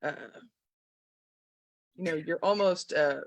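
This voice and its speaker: A woman's voice: sits low, takes it slowly. A woman hosting an interview, thoughtful and searching for her words. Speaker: host. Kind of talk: interviewer commentary.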